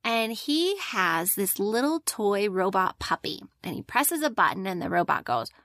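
A woman teaching a Bible lesson to children, gentle and slowing down for emphasis, often asking questions. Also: mid-range voice, sing-song, no echo, studio quality. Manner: gentle, slow and emphatic on key points, asks the listeners questions.

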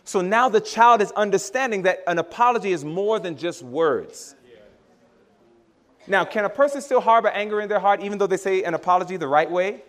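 Delivering a sermon, this preacher speaks in a high-pitched voice at a slightly fast clip. He plays out family conversations with his kids, laughs often, and addresses the congregation as brothers and sisters in a lively way.

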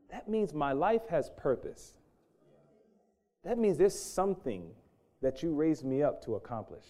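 A middle-aged man preaching a sermon, swinging from loud emphasis to hushed, intense storytelling. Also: mid-range voice.

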